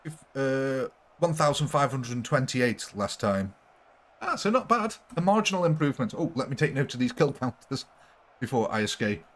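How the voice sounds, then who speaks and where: A man's voice: mid-range voice, very animated, moderate pace, fairly bright tone. A young man streaming a strategy game live, chatting jokily with his viewers. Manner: jokey, chatty, giggly. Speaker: gaming livestreamer. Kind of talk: live game commentary with chat.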